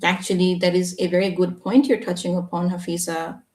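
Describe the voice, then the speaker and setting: A woman teaching English on a live stream, explaining patiently and checking in with a quick "yeah?". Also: fairly low pitch, flat delivery, a little mellow. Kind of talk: live Q&A reading viewer comments. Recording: echoey room, voice a bit far from the mic.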